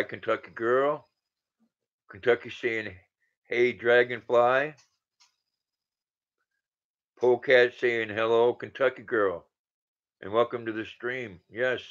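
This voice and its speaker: A man's voice: medium pitch, steady tone, slow, long pauses, fairly bright tone. A man in his sixties hosting a casual livestream, greeting viewers by name and reading their comments aloud. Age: 60s. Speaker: livestream host. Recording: dull lo-fi sound.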